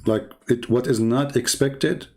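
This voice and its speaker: A man's voice: mid-range voice, a little slow, a little mellow. A man hosting a call-in debate show, talking in a sarcastic, rambling way full of fillers. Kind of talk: casual mocking monologue.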